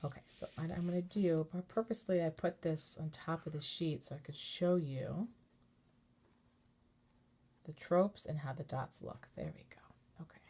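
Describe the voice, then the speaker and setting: A woman cantor giving a relaxed, patient lesson on chanting, explaining step by step and singing short chanted examples. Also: low voice, moderate pace. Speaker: cantor teaching Torah chanting. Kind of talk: informal online lesson with sung examples.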